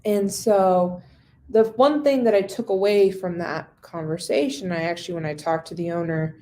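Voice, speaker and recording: A woman's voice: fairly low pitch, steady tone, normal speed, mellow, slight background noise. A woman business owner speaking frankly in a casual monologue, swearing freely as she recounts her work experiences. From based in San Diego. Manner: frank, swears freely, acts out past conversations. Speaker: business owner and social media consultant.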